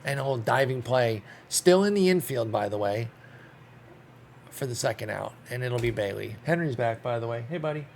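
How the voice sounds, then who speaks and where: A man's voice: mid-range voice, lively intonation, moderate pace, a little hiss or hum. A young man commentating his own baseball sim game, thinking aloud, getting frustrated and swearing. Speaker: gaming YouTuber. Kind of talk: live commentary while playing a baseball sim.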